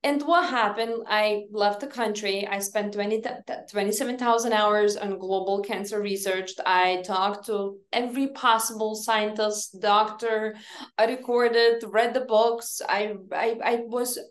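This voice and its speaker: A woman's voice: medium pitch, fairly even intonation, a little slow, roomy sound. Earnest woman. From Lithuania. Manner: earnest, emphatic, with slightly non-native grammar. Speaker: podcast guest, company founder. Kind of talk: personal storytelling in an interview.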